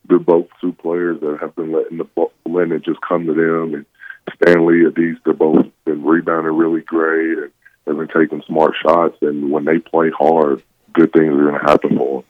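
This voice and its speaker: A young man's very deep, flat voice comes through a narrow, tinny phone line with no room sound. He answers questions in a soft, measured way, a college basketball player from Arkansas calling in from a hotel. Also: dry recording. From Fort Smith, Arkansas. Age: young adult. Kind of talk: phone interview on radio.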